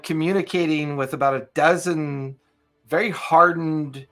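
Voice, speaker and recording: A man narrating a tabletop adventure as game master, mid-pitched and easygoing. He strings scenes together with frequent fillers, and faint music plays underneath. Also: unhurried, fairly bright tone. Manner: loose narration full of fillers.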